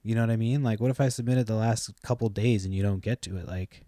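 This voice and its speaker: A man's voice: on the low side, fairly even intonation, quick pace, warm tone, no room sound, clean studio sound. A young man hosting a podcast, telling a long story in a loose, rambling way, swearing freely and trailing off with "like" and "blah, blah". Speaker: podcast host.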